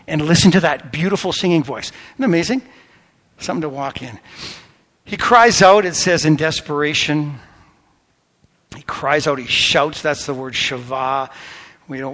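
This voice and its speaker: A man preaching a sermon as pastor, impassioned, swinging between loud exclamations and hushed whispers. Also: a little high. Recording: long reverb of a large hall.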